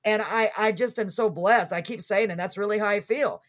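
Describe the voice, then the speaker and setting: A woman hosts a relaxed podcast chat, sounding effusive and laughing easily. She often talks over her guests. Her voice sits at a middle pitch. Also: brisk. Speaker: podcast host. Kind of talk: casual interview chat.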